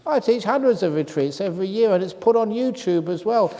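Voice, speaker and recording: A man's voice: high-pitched, expressive, fairly quick, dark tone. Monk guy doing retreat q&a, keeps cracking jokes and reading out questions, big echoey hall. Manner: joking, reads written questions aloud, chuckles often. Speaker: Buddhist monk teacher answering retreat questions. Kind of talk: humorous question-and-answer talk. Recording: reverberant hall with faint noise.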